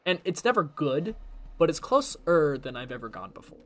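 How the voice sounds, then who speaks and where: Chatty young man, bright and rambling. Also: a little high, big pitch swings, moderate pace, slight background noise. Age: young adult. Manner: chatty, self-deprecating, jumps between topics. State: strained throat. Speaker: gaming challenge streamer. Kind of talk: rambling gameplay commentary.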